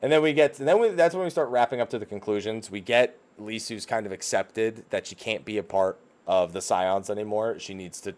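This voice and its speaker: A man's voice: on the low side, a little fast, hardly any pauses, a little mellow. A man in casual podcast chat, animatedly retelling a game's story and swearing freely. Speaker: podcast co-host. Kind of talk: casual chat recapping a video game story.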